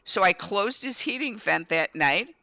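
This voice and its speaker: Bright-voiced woman telling family stories. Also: mid-range voice, unhurried, vocal fry, no echo. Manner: animated anecdotes, often acting out a child's lines. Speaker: guest. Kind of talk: storytelling in casual conversation.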